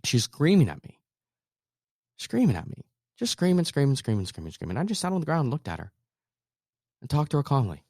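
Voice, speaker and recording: A man in his thirties hosting a motivational talk, earnest, moving between hushed softness and emphatic bursts. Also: mid-range voice, fairly quick, long pauses, no echo, clean studio sound. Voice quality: soft calming voice in quoted comfort. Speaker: podcast host.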